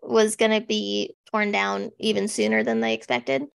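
Young woman cohost, fry-ish voice, super expressive pitch, sarcastic. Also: moderate pace. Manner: animated, sarcastic, acts out quotes. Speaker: podcast co-host. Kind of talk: casual snarky chat.

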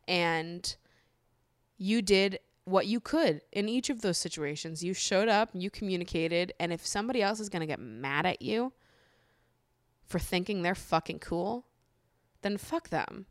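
A woman's voice: fairly low pitch, lively intonation, measured pace, dry recording, clean studio sound. A woman in her twenties speaking her mind about feelings in a candid, heated solo monologue, filling her talk with "like" and swearing freely. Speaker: podcast host. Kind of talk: personal monologue.

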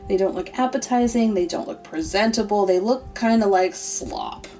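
A woman narrating a comedic story in a deadpan, sardonic way. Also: mid-range voice, normal speed. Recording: distant mic, faint music.

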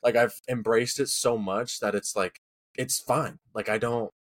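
A man's voice: medium pitch, steady tone, measured pace. A man in casual podcast chat, talking earnestly and rambling, with lots of "you know.". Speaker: podcast co-host.

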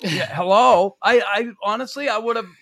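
A man hosting a casual podcast who reacts bluntly and swears. His voice is high and gravelly. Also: moderate pace, a bit bright. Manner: blunt, profane, chiming in with short reactions. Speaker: podcast host, former hockey player. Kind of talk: casual interview chat.

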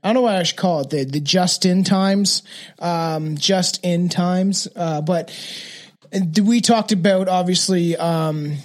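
Man, podcast host, high voice, casual, rambling, searching for words. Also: a little slow. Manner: rambling, many fillers and restarts. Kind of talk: casual true crime podcast chat.

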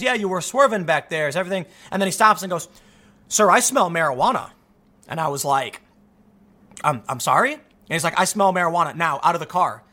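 A man's voice: on the high side, pushed and bright. A young man from the United States telling a story casually, with many restarts and stammers, acting out the people he quotes.

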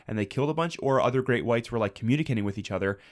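Very low-voiced sick woman, playful. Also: racing. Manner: playful, joking wordplay. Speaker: podcast co-host. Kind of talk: casual chat.

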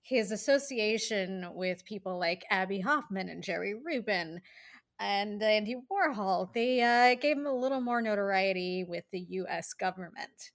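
A woman's voice: mid-range voice, expressive, normal speed. A woman co-hosting a casual history podcast, telling the story in an easy, amused way with frequent laughs. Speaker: podcast co-host.

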